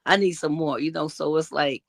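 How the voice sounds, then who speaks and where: A woman's voice: sits low, brisk, gravelly, no echo. An older woman who is a grandmother, speaking as a guest and telling stories in an emphatic, folksy way while acting out what people said. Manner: emphatic, folksy storytelling, acts out quotes. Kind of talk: casual chat.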